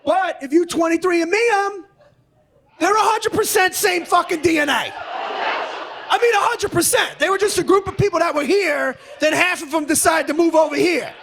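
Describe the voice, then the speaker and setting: A male stand-up comedian with a very high-pitched voice, ranting in a brash, profane style. He works the room on a stage mic with clear audience noise behind him. The set is loose and combative. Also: normal speed, fairly bright tone.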